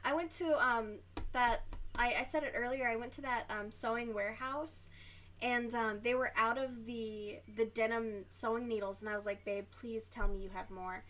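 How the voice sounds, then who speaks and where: Chatty young woman, higher pitch. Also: fairly even intonation, moderate pace, fairly bright tone. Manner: rambling, chatty, swears freely, many fillers. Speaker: livestream host. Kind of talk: casual chat while crocheting on a livestream.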